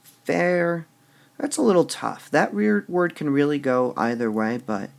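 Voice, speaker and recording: A man teaching a recorded lesson, speaking slowly and deliberately and stressing syllables out loud as he explains. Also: medium pitch, sing-song, gravelly. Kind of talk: recorded lesson on poetic meter.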